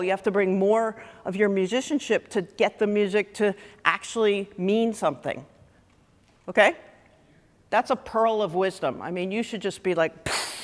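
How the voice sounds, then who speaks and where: A woman clinician coaching a student wind band in rehearsal, lively and full of questions to the players. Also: mid-range voice. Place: large theatre stage. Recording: long hall reverb.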